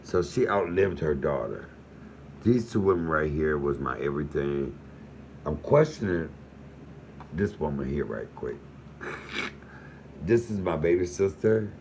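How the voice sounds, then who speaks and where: Deep gravelly man in his fifties. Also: animated, measured pace, pauses often, a little hiss or hum, low-quality recording. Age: 50s. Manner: profane, heated, rising to shouting on the phone. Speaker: comedian host. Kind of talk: casual emotional monologue.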